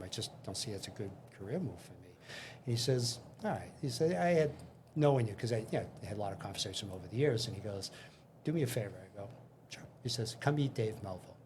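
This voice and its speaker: A man's voice: fairly low pitch, lively intonation, fast talker, darkish tone, a little hiss or hum. Older man telling anecdotes with acted dialogue. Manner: anecdotal, acts out dialogue, frequent restarts. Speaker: interview guest. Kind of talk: casual storytelling.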